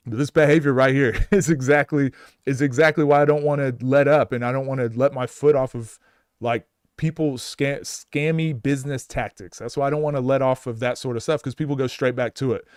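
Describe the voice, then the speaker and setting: Blunt, exasperated coach in a dry room. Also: male voice, medium pitch, steady tone, fairly quick, smooth, dry recording. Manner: blunt, exasperated, talks in restarts. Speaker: basketball coach. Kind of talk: live commentary breakdown.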